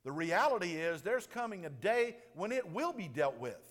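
A man preaching a sermon with animated delivery, dropping to a hush and then booming out. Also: moderate pace. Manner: animated, swings from hushed to booming. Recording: long reverb of a large room.

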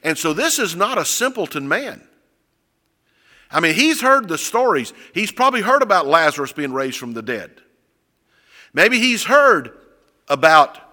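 A man preaching a sermon, retelling stories animatedly, acting out voices and shouting. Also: a little high. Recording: long hall reverb.

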